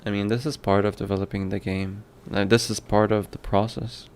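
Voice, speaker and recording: A man's voice: lowish voice, little pitch movement, brisk, a little mellow, clear, resonant tone. A man who develops indie games, talking casually on a stream with lots of fillers and self-corrections. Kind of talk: casual livestream talk.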